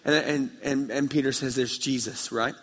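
A man's voice: medium pitch, steady tone, normal speed, slightly rough. Passionate male pastor in a big hall. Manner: passionate, storytelling, swings from quiet to loud. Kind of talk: sermon. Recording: reverberant hall.

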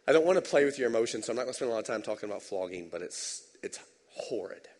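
A man pastor giving a conversational, animated sermon in a church sanctuary. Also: medium pitch, rapid-fire. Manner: conversational, animated, tag questions. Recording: long hall reverb.

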